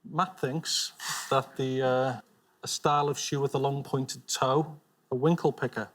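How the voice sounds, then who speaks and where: A man's voice: medium pitch, steady tone, fairly bright tone. A man on a quiz show, hesitantly giving his team's answer. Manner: hesitant, halting. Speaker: quiz contestant. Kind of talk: conferring on a game show.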